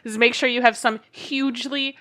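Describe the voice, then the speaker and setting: A woman's voice: fairly high pitch, fairly even intonation, normal speed, sharp tone. A woman co-hosting a casual podcast, teasing and joking with wry sarcasm. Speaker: podcast co-host.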